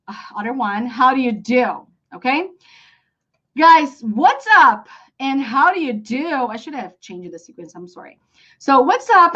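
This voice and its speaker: A woman's voice: high voice, a bit bright. A Brazilian woman with a Portuguese accent teaching a live online English lesson, chatty and full of fillers. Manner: chatty, explains with many fillers and apologies. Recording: dull lo-fi stream audio.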